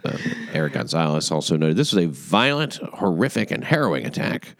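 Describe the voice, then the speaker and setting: A man hosts a casual crime-news podcast, pausing often and tossing in sardonic asides. His voice sits very low. The sound is dry and close, with no room around it. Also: very animated, fairly bright tone, dry recording. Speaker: podcast host.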